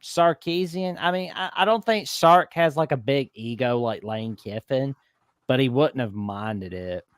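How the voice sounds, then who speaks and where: A man hosting a casual college football talk show, animated and given to mock-scolding asides. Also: medium pitch, a little slow, smooth, no room sound, clean studio sound.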